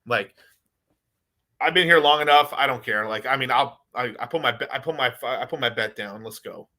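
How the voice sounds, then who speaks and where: A man's voice: medium pitch, moderate pace, sharp tone. A man hosting his own crypto video, rambling in a loose, profane rant with lots of swearing and laughter. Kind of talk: casual profane rant to camera.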